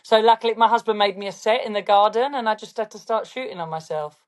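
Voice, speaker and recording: A woman's voice: medium pitch, quick pace. A woman with a London accent, chatting casually as an interview guest and often asking "do you know what I mean". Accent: London English. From London, England. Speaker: guest, fashion brand founder.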